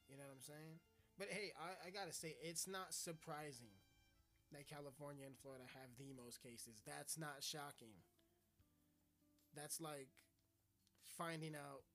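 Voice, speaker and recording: A man's voice: a little high, a bit bright. A man hosting a stream and delivering a crude, swearing, mock-offensive comedic rant. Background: faint music.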